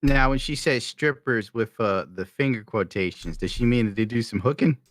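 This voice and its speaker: A man's voice: medium pitch, moderate pace, no echo. A man guesting on a casual podcast, cracking crude, laid-back jokes.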